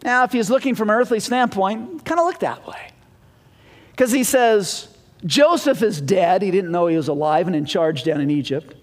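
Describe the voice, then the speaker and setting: A man's voice: high voice, moderate pace. A man preaching a sermon in a folksy manner, asking his listeners questions. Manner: folksy, asks the congregation questions. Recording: long reverb of a church hall.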